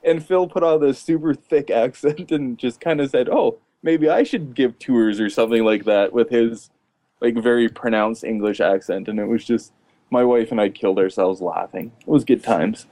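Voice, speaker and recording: Guy hosting a podcast, mid pitch voice, laid back storyteller, laughs a lot. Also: moderate pace. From Canada. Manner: relaxed storyteller, laughs often. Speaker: podcast host. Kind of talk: casual storytelling chat.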